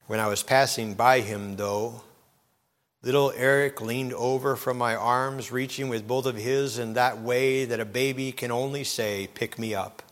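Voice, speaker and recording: A man preaching a sermon, telling a story dramatically and swinging between loud and hushed moments. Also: medium pitch, fairly even intonation, unhurried, big-room sound. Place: church.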